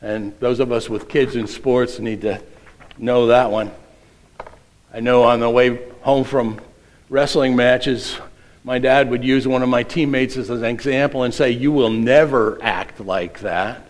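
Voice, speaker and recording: Slow-talking man preaching. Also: medium pitch, level tone, rough recording. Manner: reads quiz aloud with playful voices. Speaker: pastor. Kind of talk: sermon.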